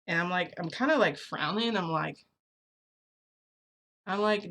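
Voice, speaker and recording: Young woman rambling thru a storytime, lots of "like", bright voice. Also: on the low side, normal speed, long pauses. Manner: rambling, full of "like" and restarts. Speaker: vlogger. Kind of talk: storytime narration.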